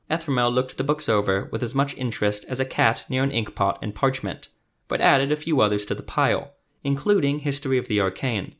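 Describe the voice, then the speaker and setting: A man narrating a fantasy story podcast in a measured, scripted storytelling manner. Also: mid-range voice, a bit bright.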